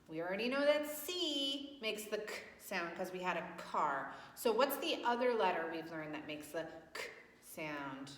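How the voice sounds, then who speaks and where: Slow, echoey teacher woman quizzing kids. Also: on the low side, a bit bright. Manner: patient, coaxing questions and praise. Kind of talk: children's circle time phonics lesson. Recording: echoey room with long reverb.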